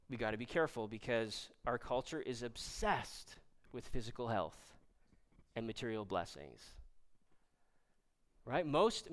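Animated man preaching a sermon. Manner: conversational, animated preaching with frequent "right?"; rises loud and high when emphatic, drops low and soft on key points. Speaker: pastor.

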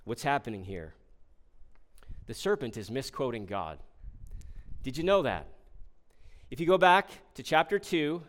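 A man's voice: a little high, clean tone. A man preaching a sermon on scripture, asking rhetorical questions and acting out quoted lines with shifting emphasis. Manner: expressive, rhetorical questions, voices the serpent in quotes.

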